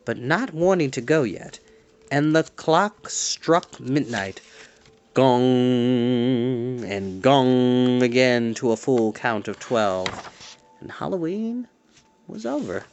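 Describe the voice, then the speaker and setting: A man reading a storybook aloud as a storyteller, expressive and dropping to a hush at tense moments. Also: fairly high pitch.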